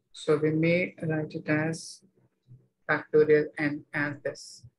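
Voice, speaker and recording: Male teacher, fairly high voice, very slow step-by-step explaining, maths lecture. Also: poor audio.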